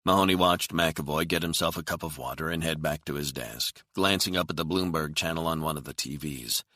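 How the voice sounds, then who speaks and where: A man narrating a thriller audiobook in a steady, measured reading. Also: a bass voice, no echo, clean studio sound.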